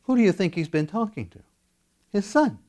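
A man preaching a sermon, animated, acting out quoted voices as he goes. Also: high-pitched, normal speed. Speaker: pastor.

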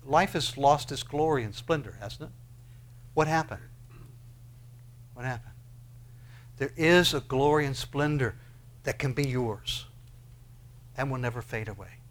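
A pastor delivers a sermon in a mid-range voice, firing question after question at his listeners. He swings between hushed, slow passages and loud, rising ones.

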